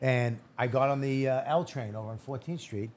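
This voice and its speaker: A man from Boston, a guest comedian, telling a profane, animated story on a casual podcast and acting out the quotes. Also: mid-range voice, moderate pace, slight background noise.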